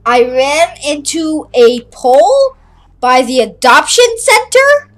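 A young woman talks through a video game in a high, sing-song voice. She is playful and silly and narrates whatever she does. She takes her time with the words. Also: very animated, takes it slowly, fairly bright tone. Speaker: channel host playing a game. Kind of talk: casual gameplay chat.

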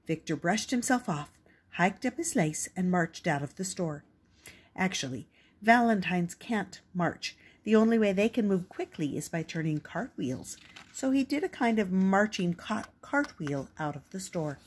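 An older woman reading a children's picture book aloud in a gentle, expressive way. Her voice sits low, with a husky, breathy grain. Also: a little slow. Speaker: storyteller.

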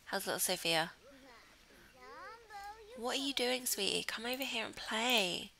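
Bright-voiced woman gaming. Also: a little high, a little slow, vocal fry, low-quality recording. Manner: chatty, coos affectionately at the game characters. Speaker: gaming channel host. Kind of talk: casual gameplay commentary.

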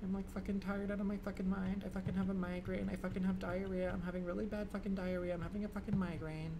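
A man's voice: little pitch movement, quick pace. A man streaming live gameplay, swearing a lot and swinging between muttering and screams. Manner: profane, dramatic, swinging from low muttering to screaming. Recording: noisy stream audio.

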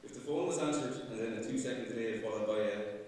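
A man, reading a fond, gently humorous eulogy for his mother at a funeral Mass. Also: mid-range voice, quick pace, very noisy. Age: 50s. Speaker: son giving a eulogy. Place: large church. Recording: echoey church, voice from far off.

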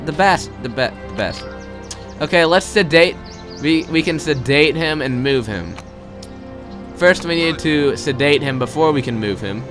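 A young man commentates live gameplay, excitable and swearing a lot as he swings between loud outbursts and muttered asides. His voice is a little high, his pace measured, with music playing in the background.

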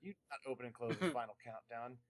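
Man, band member guest, casual podcast chat, animated, laughs often, medium pitch. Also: no room sound. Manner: animated, laughing, quick asides.

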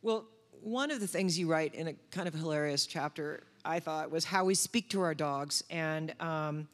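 A woman's voice: low-pitched, moderate pace. Playful woman interviewer in a hall. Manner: playful, joking questions. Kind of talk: conversational interview. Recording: long hall reverb.

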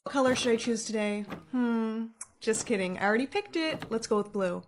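A woman's voice: a little high, fairly quick, a little hiss or hum, close to an everyday voice. A woman's text-to-speech voice playing a bossy mother and a snippy clerk, curt and dismissive, in a storytime.

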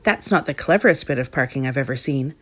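A woman voicing a sharp-tongued, sarcastic young woman in a read-aloud storybook. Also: very deep voice, expressive, quick pace, husky, voice pushed down, full character voice. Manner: mocking, sarcastic.

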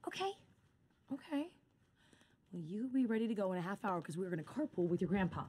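A woman's voice: mid-range voice, sing-song, fairly quick, warm tone, a little hiss or hum, natural voice. An actress playing an eager, chirpy, overbearing mother in a sitcom. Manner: chirpy and pushy.

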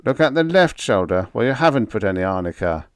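A man voicing an easygoing, dependable old male spaceman in a storybook reading, with a relaxed, matter-of-fact delivery. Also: lowish voice, brisk, smooth, dry recording, studio quality.

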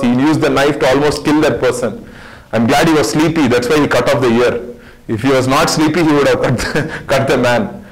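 A man teaching a Bible study as a sermon, fervent and repetitive, swinging between loud urging and hushed tones. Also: medium pitch, low-quality recording.

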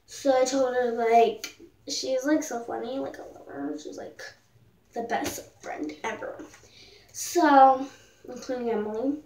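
A teenage girl chats through a story at an unhurried pace, padding it with likes, ums and little jokes. Her voice sits high and bounces off the walls of an echoey room, a little away from the mic. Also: darkish tone, distant mic, a little hiss or hum. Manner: rambling, filler-heavy, jokey. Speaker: vlogger. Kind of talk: casual storytime chat.

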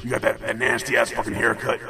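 A man's voice: mid-range voice, completely flat delivery, a little fast, pushed and bright. A man doing a comic impression of a bigoted wrestler speaking as an inner voice, saying "brother" again and again. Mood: scornful. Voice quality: gravelly, says "brother" constantly. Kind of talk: comedy impression sketch.

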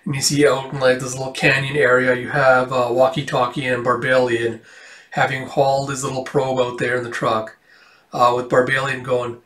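A man's voice: medium pitch, flat delivery, normal speed, a bit bright. A man casually retelling a comic book, chatty and loose, with swears and asides. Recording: roomy echo, distant from the mic.

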